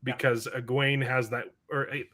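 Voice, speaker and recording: A man's voice: mid-range voice, flat delivery, pushed and bright. A man in a casual fan discussion, talking from his desk at home and correcting himself often. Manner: rambling, quick self-corrections. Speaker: podcast panelist.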